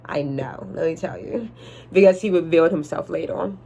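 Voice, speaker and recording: A young adult woman telling a storytime vlog in an animated, chatty way, speaking straight to her viewers. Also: deep voice, normal speed, vocal fry, slightly rough. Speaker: vlogger.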